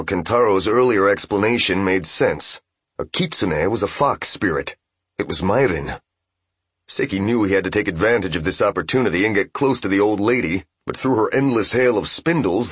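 A man narrating a fantasy game novel as an audiobook, in steady, even storytelling. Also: fairly low pitch, slightly rough, no echo.

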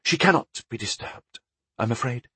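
A man's voice: mid-range voice, expressive, moderate pace, a bit bright, husky, no echo. A man reading an audiobook voices a young female temple novice who speaks politely and hesitantly. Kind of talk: audiobook character voice.

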